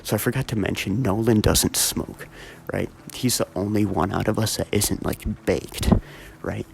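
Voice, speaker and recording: Gravelly young man telling a story. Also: fairly low pitch, steady tone, normal speed, a little hiss or hum. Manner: rambling, swears a lot, many fillers. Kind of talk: casual storytelling.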